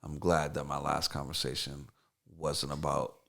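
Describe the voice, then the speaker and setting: A man's voice: very deep voice, flat delivery, normal speed, gravelly, fairly bright tone. A man who is a songwriter and producer, talking as a guest in a casual interview, rambling with fillers, restarts and swearing. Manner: loose, rambling, profane, many fillers and restarts.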